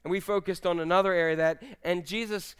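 A man's voice: high voice, steady tone, a little fast, clear, resonant tone. A male pastor preaching a sermon in a conversational, jokey storytelling manner.

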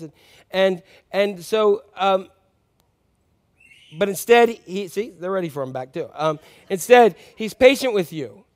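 A man's voice: high-pitched, animated, measured pace, long pauses, darkish tone. A man preaching a sermon in a conversational, joking way, reading scripture with emphasis. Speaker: pastor.

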